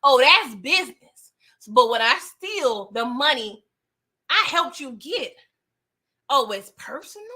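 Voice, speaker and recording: A woman casually recapping a TV episode in slangy, animated talk, laughing often. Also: sits high, takes it slowly, pauses often. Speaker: TV recap host.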